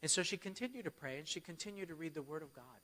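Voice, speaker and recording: A man's voice: fairly high pitch, lively intonation, fast, bright, forceful tone, slight background noise. A man giving a church keynote as a storytelling sermon, often checking in with his audience. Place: church hall. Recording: long hall reverb.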